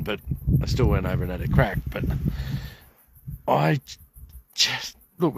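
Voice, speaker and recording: At a bush campsite, an older Australian vlogger rants to camera in a voice on the low side, with no echo. He is indignant and rambling, swearing heavily throughout.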